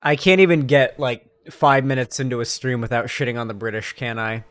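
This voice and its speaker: Male streamer, mid-pitched, casual crude sarcastic banter to chat. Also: fairly even intonation, a little fast, a bit bright.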